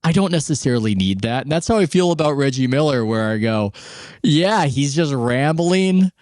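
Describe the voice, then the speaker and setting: A man hosts a podcast, talking sports in a rambling, conversational way and interrupting himself. His mid-range voice is expressive, quick and a little mellow, in studio quality with no room sound.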